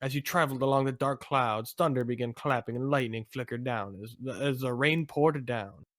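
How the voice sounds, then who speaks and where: A man's voice: mid-range voice, normal speed, fairly bright tone, no echo, studio quality. A man co-hosting a podcast, narrating a fan fiction aloud in an amused, playful way. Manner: amused, breaks into laughter between lines.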